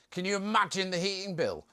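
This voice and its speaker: A man's voice: high voice, sharp tone, smooth. A young man hosting a casual live stream, chatting in a jokey way and reading out viewer comments.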